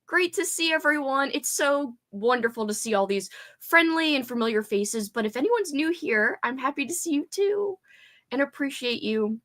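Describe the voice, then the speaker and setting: Bubbly woman hosting a lively livestream. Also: high voice, moderate pace. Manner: bubbly, greets chat by name, laughs often. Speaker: booktube livestream host. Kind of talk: casual live chat with viewers.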